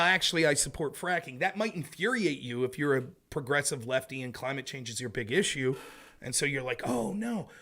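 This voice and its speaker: A man's voice: a little high, fairly bright tone. A man hosting a casual livestream of political commentary from home, talking in an emphatic, conversational way.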